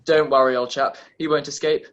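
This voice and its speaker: An actor playing a calm, brilliant male detective in a radio drama, explaining in a crisp, confident way. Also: medium pitch, fairly quick, muffled recording, natural voice. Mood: assured.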